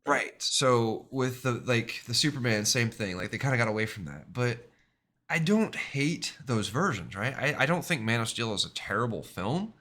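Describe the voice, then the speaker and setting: Brief: male streamer, bright, tense-edged tone, casual rambling chat full of fillers. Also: medium pitch, very animated, moderate pace. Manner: rambling, many fillers and tag questions.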